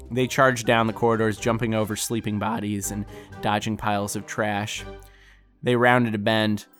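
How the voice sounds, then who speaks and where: A man narrating a fantasy story in a relaxed, conversational way. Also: lowish voice, normal speed. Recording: faint background music.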